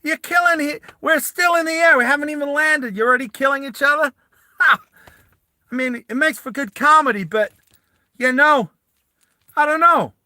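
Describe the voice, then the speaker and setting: Man doing a high wisecracking New Yorker. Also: moderate pace, pauses often, sharp tone, no room sound, full character voice. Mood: mocking. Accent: put-on New York. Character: wisecracking male teammate, cocky.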